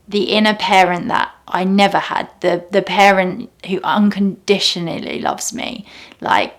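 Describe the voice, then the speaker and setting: A young woman talking casually and reflectively about meditation, often dropping to soft near-whispers. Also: lowish voice. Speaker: meditation teacher.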